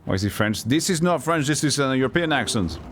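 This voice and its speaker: A man's voice: medium pitch, animated, quick pace, a bit bright, soft background music. A man streaming a game, joking and rambling with casual swearing. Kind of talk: casual gameplay commentary.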